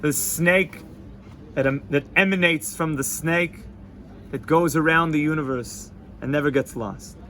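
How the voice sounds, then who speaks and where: A rabbi gives an informal Torah class, joking and animated as he mixes in Hebrew and Yiddish terms. His male voice sits a touch high. A faint hum of the room lies behind him. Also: a little slow. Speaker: yeshiva rabbi teaching students.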